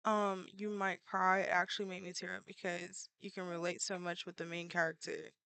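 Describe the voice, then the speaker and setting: Bright, crisp-voiced woman chatting casually. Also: fairly low pitch, little pitch movement, moderate pace, no room sound. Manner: chatty and playful, many filler words. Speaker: artist streaming while drawing. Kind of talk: casual livestream chat with viewers.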